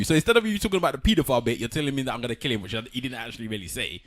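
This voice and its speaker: Fast animated man. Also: medium pitch. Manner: animated storytelling, reads out quotes. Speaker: podcast co-host. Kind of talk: casual chat.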